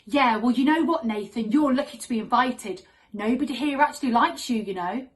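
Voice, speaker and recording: A woman voicing her six-year-old sister, a fierce, foul-mouthed girl who scolds loudly. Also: a little high, brisk, natural voice. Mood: scolding. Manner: sharp, scolding, loud.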